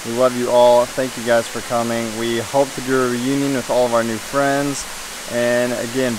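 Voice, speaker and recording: Very low-voiced woman by rushing water. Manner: grateful, relaxed, chatty. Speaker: retreat host. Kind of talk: casual vlog farewell. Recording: loud rushing water noise.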